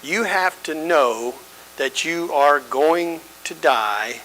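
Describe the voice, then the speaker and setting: A man's voice: fairly high pitch, pushed and bright, a little hiss or hum, poor audio. A man teaching a church Bible study, conversational and emphatic, often checking in with his listeners.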